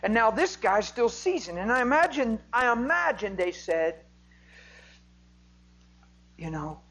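Man preaching, from shouts to whispers. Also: very high voice, big pitch swings, a little slow, pauses often, low-quality recording. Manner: swings from loud, emphatic preaching to hushed whispers. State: emotional. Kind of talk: sermon.

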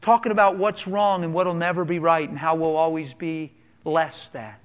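A man preaching a sermon in a church, impassioned, asking rhetorical questions and swinging between loud and hushed delivery. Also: a little high, steady tone, moderate pace.

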